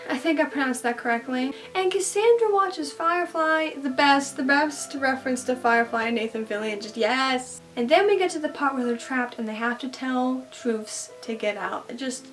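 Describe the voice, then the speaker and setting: A woman talking through a TV episode in a casual recap, gushing and excitable as a fan. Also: sits high, moderate pace, hardly any pauses, far from the mic, faint music behind.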